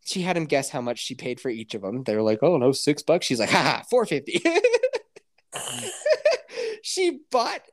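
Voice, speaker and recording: A woman's voice: a bass voice, huge pitch swings, moderate pace, long pauses. A woman telling a rambling family story in casual chat, swearing and laughing as she acts out the people in it. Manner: profane, laughing storyteller who acts out quotes.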